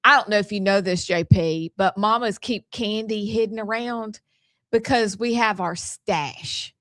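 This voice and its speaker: A woman's voice: medium pitch, unhurried, a bit bright, dry recording, clean studio sound. A woman with a Southern US accent co-hosting a casual talk show, joking and telling stories in a folksy drawl. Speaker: co-host.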